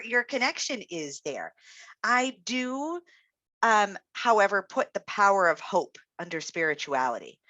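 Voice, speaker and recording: A woman's voice: medium pitch, fairly bright tone, no echo. A woman speech-language pathologist giving an encouraging, reflective webinar talk, with frequent fillers. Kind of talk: webinar presentation.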